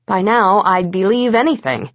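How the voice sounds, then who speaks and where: A woman's voice: medium pitch, normal speed, no room sound. A woman narrating a first-person audiobook with a wry, sarcastic manner. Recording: dull dry lo-fi recording.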